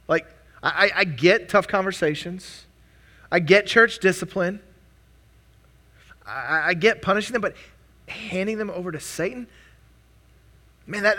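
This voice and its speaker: A young man delivers a sermon, his voice pitched high and ringing bright. He preaches earnestly but conversationally, stumbling and restarting phrases as he goes. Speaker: pastor.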